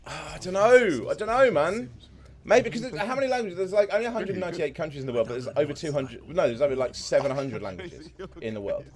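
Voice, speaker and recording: A man hosting a casual reaction video, excitable and thinking out loud, with frequent swearing. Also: a little high, quick pace.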